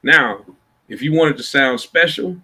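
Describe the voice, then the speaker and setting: A man's voice: a little high, normal speed, bright, forceful tone, breathy edge. A man from Iowa, a blues musician, telling stories in a laid-back, rambling way over a video call. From Iowa, USA. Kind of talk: casual storytelling chat.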